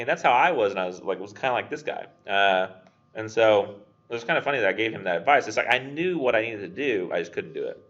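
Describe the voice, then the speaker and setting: A man's voice: lowish voice, animated, fast talker, fairly bright tone, dull audio. A young man teaching a literature class in a casual, chatty way, full of fillers and acted-out quotes. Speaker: English instructor. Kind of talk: casual recorded literature lecture.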